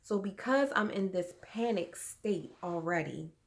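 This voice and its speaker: Woman vlogger, low gravelly voice, earnest and halting, personal storytelling. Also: lively intonation. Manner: earnest, halting, many fillers.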